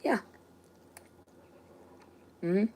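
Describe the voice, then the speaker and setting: A woman's voice: extremely slow, warm tone, a little hiss or hum, poor audio. Profane, ranting woman streaming from home. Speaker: livestreamer. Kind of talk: rambling livestream monologue. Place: home, indoors.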